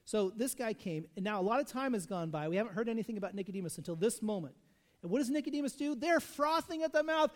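High-voiced preacher in a reverberant hall. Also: male voice, fast talker. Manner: conversational, animated, asides and rhetorical questions. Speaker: pastor. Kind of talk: sermon.

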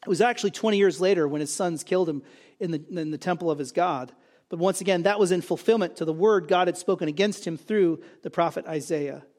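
A man's voice: high voice, fast, darkish tone. A man preaching a sermon, emphatic, asking and answering his own rhetorical questions. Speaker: pastor.

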